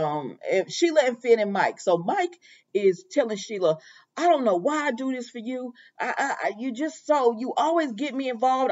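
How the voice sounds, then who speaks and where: A woman's voice: fairly high pitch, a little mellow. A woman casually recapping a soap opera episode, retelling scenes with quoted lines, many fillers and exasperated asides. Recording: dull lo-fi audio.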